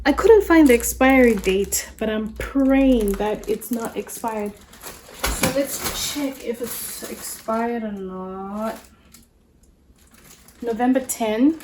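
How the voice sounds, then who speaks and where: A woman's voice: on the high side, slow, a little mellow, a little hiss or hum. Chatty rambling woman vlogger. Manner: rambling, chatty, many "like"s and restarts. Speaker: mother and lifestyle vlogger. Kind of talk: casual vlog chat, grocery haul. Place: at home.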